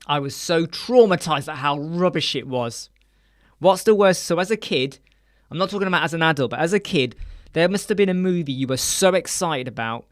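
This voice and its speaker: A man, hosting a casual live stream chat from a small room lined with soundproof panels, animated and acting out quoted voices. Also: a little high, a little fast.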